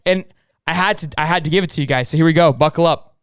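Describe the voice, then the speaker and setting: A young man co-hosting a live sports podcast, talking fast and hyped with plenty of slang. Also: fairly high pitch, clear, resonant tone, no echo, studio quality. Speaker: podcast co-host.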